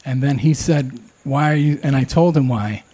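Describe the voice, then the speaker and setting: A man telling a true personal story, candid and self-deprecating, often pausing and restarting. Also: medium pitch, dark tone, breathy edge.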